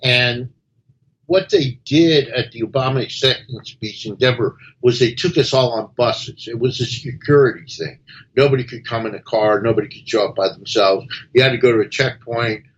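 A man's voice: mid-range voice, moderate pace, dull audio, a little hiss or hum. A man hosting a talk radio show, chatting casually and telling a story, repeating words as he goes.

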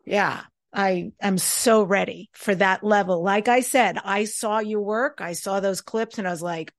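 A woman's voice: mid-range voice, unhurried, few pauses. A woman hosting an interview, chatting in an enthusiastic, effusive way. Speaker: host. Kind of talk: casual interview chat.

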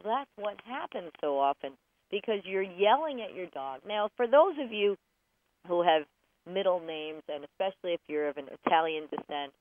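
A woman's voice: fairly low pitch, lively intonation, normal speed, no room sound. A woman hosting a radio advice show about dog training, chatty and jokey, often acting out voices as she talks. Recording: dry, tinny phone-like radio sound.

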